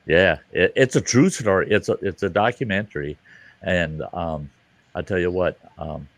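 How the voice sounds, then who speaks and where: A man's voice: low voice, moderate pace, gravelly, dry recording. A man in casual group chat, emphatic and laughing, swearing freely.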